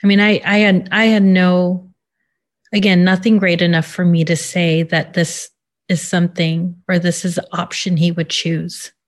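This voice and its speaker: A woman in an interview who gives a personal account in a halting, subdued way, with many pauses and fillers. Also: fairly low pitch, little pitch movement. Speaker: interview guest.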